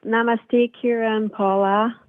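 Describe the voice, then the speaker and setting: A woman from Canada calling in to a radio show, speaking hesitantly with many pauses. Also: on the high side, flat delivery, no echo. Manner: hesitant, with many ums and repeated words. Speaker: caller. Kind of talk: call-in question. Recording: dry, tinny phone line.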